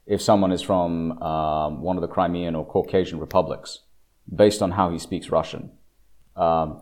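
A man with a very low, deep voice delivers an opinionated political monologue. He is blunt and emphatic, drawing out the words he wants to land. He often stumbles into restarts and side remarks. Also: darkish tone. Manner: emphatic, slows down to stress key phrases; blunt, with frequent restarts and asides. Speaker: political commentator.

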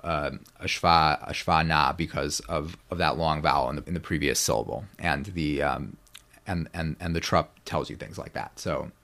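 A man's voice: extremely low pitch, moderate pace, vocal fry, a bit bright. A man lecturing on biblical Hebrew grammar in a rambling, self-correcting way. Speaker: guest scholar.

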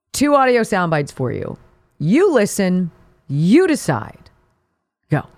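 A woman host delivers sharp, sarcastic commentary with a lively, swooping pitch. Her mocking tone carries through each point. The recording is close and dry. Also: a little slow, no echo. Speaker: talk show host. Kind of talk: opinion talk show commentary.

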